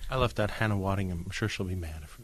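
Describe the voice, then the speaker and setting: A man's voice: sits low, fast, a bit bright, a little hiss or hum. An American man interviewing a guest for radio, asking playful, teasing questions. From United States. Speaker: interviewer, theatre editor.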